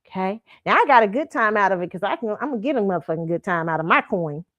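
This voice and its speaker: A woman hosts her own casual pop-culture commentary stream, speaking fast in an animated, mid-range voice with a fairly bright tone through a streaming setup mic. She's blunt and swears plenty, laughs often, and keeps asking "okay?"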